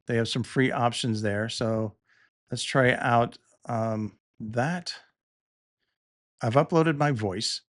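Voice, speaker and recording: A man's voice: medium pitch, no echo, studio quality. Middle-aged man talking through a demo. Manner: relaxed, thinking aloud with small restarts. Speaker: podcast host demonstrating tools. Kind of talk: casual tutorial narration.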